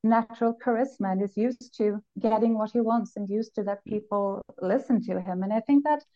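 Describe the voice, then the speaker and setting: This podcast co-host is a woman with a medium-pitched voice who thinks aloud in a reflective, analytical way during a casual chat. She pauses and restarts while working through her points, and the recording sounds dull and lo-fi.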